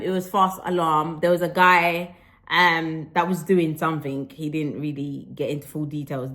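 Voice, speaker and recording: A woman, chatting casually in her home vlog and telling stories with lively slips into patois. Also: sits low. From Jamaican roots. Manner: animated storytelling, slipping into patois. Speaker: vlogger.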